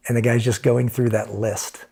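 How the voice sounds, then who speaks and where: A middle-aged American man and podcast guest telling lively stories in conversation, acting out the voices of the people in them. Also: mid-range voice, moderate pace, creaky, slightly rough. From United States. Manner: animated storyteller who acts out quoted voices. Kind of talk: storytelling in conversation.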